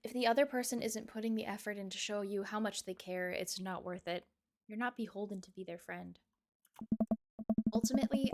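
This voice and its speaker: A woman voicing a gentle, joking father who reassures his teenage daughter, read from a game script. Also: medium pitch, natural voice. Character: gentle, goofy dad comforting his daughter. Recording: loud game music behind.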